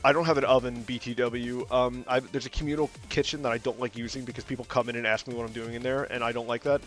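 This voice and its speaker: A young man streaming from home, talking casually and rambling through his stories with plenty of filler and profanity. His voice sits at a middle pitch, and faint music plays underneath. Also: fast. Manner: gets loud and animated when ranting. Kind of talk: casual stream chat while drawing.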